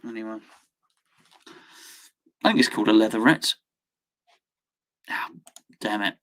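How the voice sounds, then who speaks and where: A man's voice: fairly low pitch, a little slow, fairly bright tone. A man hosting a football watchalong live stream, chatting casually with viewers, reading out their messages and laughing often. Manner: chatty, reads out chat, laughs often, sudden outbursts. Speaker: watchalong host.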